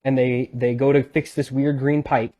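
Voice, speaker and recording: A man's voice: mid-range voice, flat delivery, normal speed, warm tone. Easygoing young man co-hosting. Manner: easygoing, joking. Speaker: podcast co-host. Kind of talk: casual chat.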